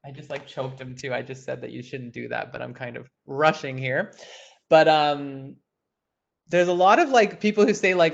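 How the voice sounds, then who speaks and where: A young man teaching an online puppetry workshop, talking animatedly and breaking into quick puppet voices. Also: mid-range voice, vocal fry. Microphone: video call. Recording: dull lo-fi online call audio.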